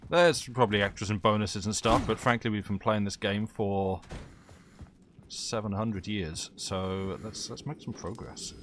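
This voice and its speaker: A fairly low-voiced man commenting on a horror game during a live stream, chatty and full of wry asides. Faint game sounds sit behind him. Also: fairly even intonation, a little slow, background noise.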